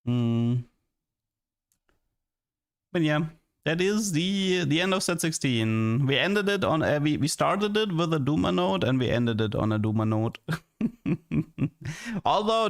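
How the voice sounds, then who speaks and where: Young man, streamer, casual chat, slightly high voice, stammering, rambling. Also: animated, measured pace. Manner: rambling, stammering, repeats words, laughs often.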